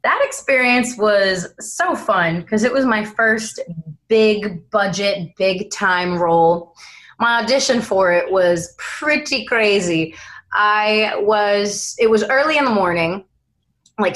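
A young woman, an actress being interviewed, telling dramatic anecdotes in a lively, animated way. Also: medium pitch, slow pace. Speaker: actress guest.

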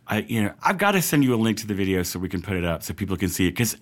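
A man co-hosting a casual podcast, talking in an excitable, rambling way. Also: fairly low pitch, very fast. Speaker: regular co-host.

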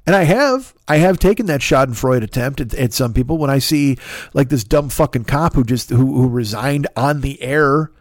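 A man's voice: mid-range voice, animated, normal speed, no echo, studio quality. Profane ranting male podcast host. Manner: ranting, sarcastic, acts out voices of others. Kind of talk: profane comedic monologue.

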